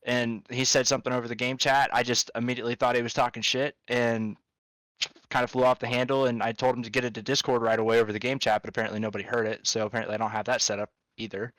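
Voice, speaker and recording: A man's voice: mid-range voice, flat delivery, quick pace, a bit bright, no room sound, low-quality recording. A man hosting a casual podcast, rambling through a story and swearing freely.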